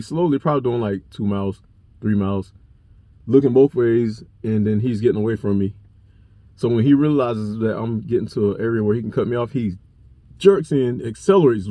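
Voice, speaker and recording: A young man tells a personal story to his viewers, blunt and full of curse words. His voice is dark and mellow, and the recording is dry and close. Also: medium pitch, dry recording. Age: young adult. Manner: blunt, profane, animated retelling. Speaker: vlogger. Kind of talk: casual storytelling to camera.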